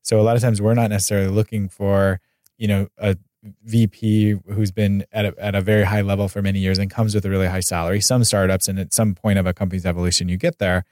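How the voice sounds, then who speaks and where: A man's voice: on the low side, little pitch movement, quick pace, a little mellow, no echo, studio quality. An American man hosting a podcast interview, talking casually with many fillers and restarts. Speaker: podcast host.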